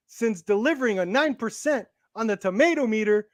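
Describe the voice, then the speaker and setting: A playful man with a notably high voice co-hosts a live stream and jokes around. His voice sounds dry and close, with no room around it. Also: expressive, fairly quick, few pauses, no room sound. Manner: playful, jokey, laughs often. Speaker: co-host of a live movie talk show. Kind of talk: casual live-stream chat.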